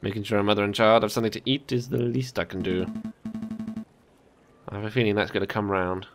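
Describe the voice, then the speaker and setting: A man voicing a dignified male falcon lawyer who speaks in a measured, noble way. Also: on the low side, steady tone, music in the background, close to an everyday voice.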